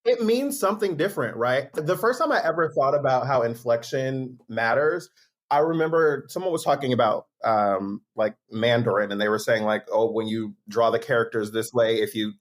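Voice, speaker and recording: A podcast guest and author chatting casually, telling stories in an animated way and acting out the voices they quote. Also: mid-range voice, normal speed.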